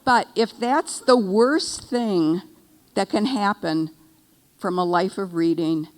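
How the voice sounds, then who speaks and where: An older woman speaking from an event stage, spinning a funny personal story with wry, animated timing. Her voice sits at a middle pitch for a woman. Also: slow pace. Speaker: keynote speaker. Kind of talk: humorous storytelling speech.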